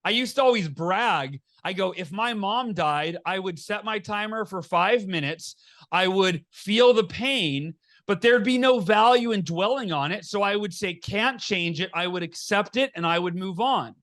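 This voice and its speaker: This middle-aged podcast guest has a high, bright voice and keeps a measured pace, recorded close on a podcast mic. Telling his story candidly in the interview, he's earnestly energetic, often restarting sentences and performing the dialogue he recounts.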